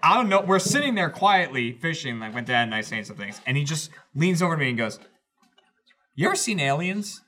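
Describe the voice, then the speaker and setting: A man co-hosting a podcast, telling an anecdote in an animated way and laughing at his own story. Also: fairly high pitch, fairly quick. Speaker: podcast co-host. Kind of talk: casual chat.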